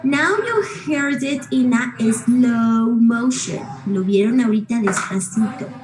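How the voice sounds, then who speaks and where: A woman teaching an English class, patient and slow, repeating words and checking with the students. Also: fairly high pitch, darkish tone. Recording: roomy classroom echo.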